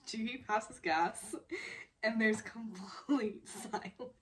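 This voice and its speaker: A woman's voice: a little high, drawn-out words, fairly bright tone, a little hiss or hum. Giggly woman recapping a drama. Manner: giggly, laughs often while retelling; rambling with many fillers. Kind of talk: casual chatty recap.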